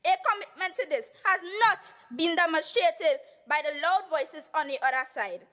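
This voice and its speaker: A teenage girl with a Tobagonian accent giving an earnest, measured debate speech as a youth assembly member in a legislative chamber, reading from prepared remarks. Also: high-pitched, pushed and bright.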